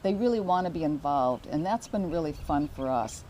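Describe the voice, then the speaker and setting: An older woman talks in an earnest, community-minded way, hosting a casual local show. Her voice sits low and mellow. A faint hiss runs under the recording. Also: lively intonation, normal speed, poor audio. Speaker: real estate show host. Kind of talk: casual promotional chat.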